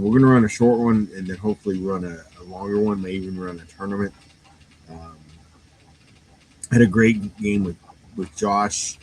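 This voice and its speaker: A man who runs a game store gives a rambling, casual shop update in a fairly low voice, full of fillers and restarts. He sounds a bit tired and yawns, and the recording is rough with slight background noise.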